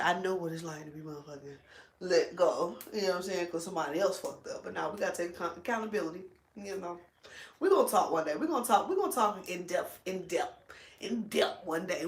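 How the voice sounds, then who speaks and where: A woman vlogger chatting casually while braiding her hair, animated, blunt and full of slang and cursing. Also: fairly low pitch, echoey room.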